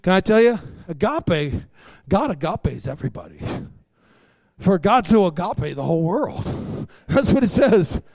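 A middle-aged man preaches with a notably high-pitched voice. He swings between shouted emphasis and hushed asides. The sound is dry and close with no room echo. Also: very animated, unhurried, creaky. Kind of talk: sermon.

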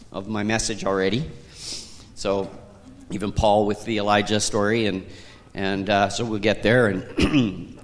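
A man preaching a sermon as a pastor, telling stories in a conversational way with chuckles. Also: medium pitch. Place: church sanctuary. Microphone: handheld microphone. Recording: long hall reverb.

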